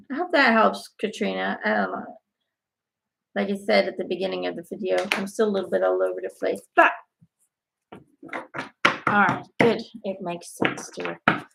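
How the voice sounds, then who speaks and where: A woman's voice: mid-range voice, creaky, noisy background. A woman giving a live angel card reading in a casual, blunt way, swearing freely and laughing often.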